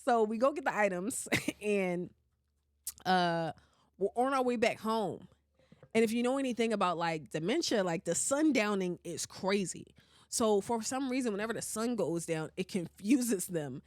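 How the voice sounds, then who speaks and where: A woman hosting a podcast, telling a story in casual chat, animated and often laughing and swearing. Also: medium pitch, normal speed, no room sound, clean studio sound. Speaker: podcast host.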